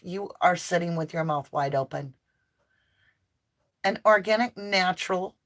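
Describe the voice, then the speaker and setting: Slow, fervent woman reading tarot. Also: mid-range voice. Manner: fervent and emphatic, at times near yelling; chatty, folksy asides to viewers. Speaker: tarot reader and channel host. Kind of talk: impassioned tarot reading to camera.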